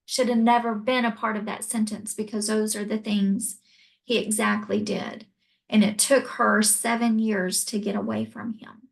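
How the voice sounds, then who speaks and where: A woman telling a deeply personal story as an interview guest, earnest and reflective. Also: vocal fry, poor audio.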